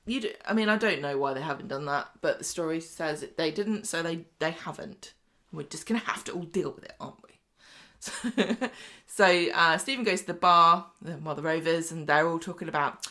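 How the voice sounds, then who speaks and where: A woman's voice: deep voice, bright, forceful tone. Chatty woman recapping a soap. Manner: chatty, retells scenes with quick asides. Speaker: podcast co-host. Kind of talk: casual soap recap chat.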